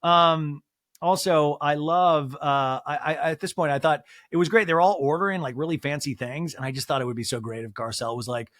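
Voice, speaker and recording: A man hosting a podcast, chatting casually and excitably, laughing often and slipping into exaggerated voices for quotes. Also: fairly high pitch, a little fast, dry recording, clean studio sound. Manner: jumps into exaggerated voices when quoting people. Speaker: podcast host. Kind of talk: casual chat recapping a TV episode.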